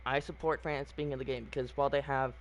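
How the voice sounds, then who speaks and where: A man's voice: medium pitch, flat delivery, quick pace. A man giving casual, opinionated commentary on a video game, rambling with frequent fillers and restarts. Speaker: gaming channel host.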